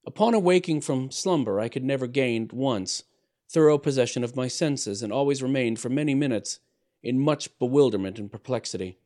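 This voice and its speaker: A man with a medium-pitched voice narrates a gothic tale in a measured, theatrical way. His volume swells on the dramatic phrases and then drops soft as each one ends.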